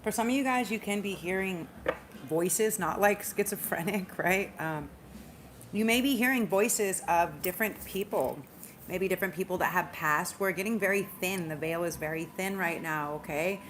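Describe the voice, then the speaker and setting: Woman, slight Southern drawl, casual tarot reader; emphatic, repeats herself, rushes and stumbles now and then. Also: on the low side, fairly bright tone, a little hiss or hum. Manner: chatty, emphatic, repeats phrases, speeds up and stumbles at times. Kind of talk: casual spiritual tarot reading.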